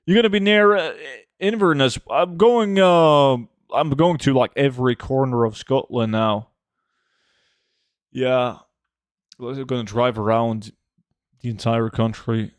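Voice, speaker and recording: A man's voice: mid-range voice, measured pace, no echo. A man, a game streamer chatting casually and reading his chat aloud in a laid-back way full of fillers. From Norway.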